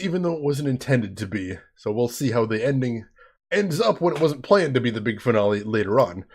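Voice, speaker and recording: A man's voice: mid-range voice, breathy edge. A man hosting a casual game commentary, joking around like a playful showman with mock-grand announcements. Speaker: let's play host.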